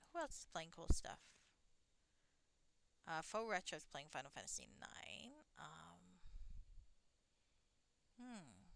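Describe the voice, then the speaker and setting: A woman chats through a live game stream, her bright voice sitting a little low. Her pitch jumps around a lot as she rambles, and she swears casually. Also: vocal fry. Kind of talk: casual live gameplay commentary.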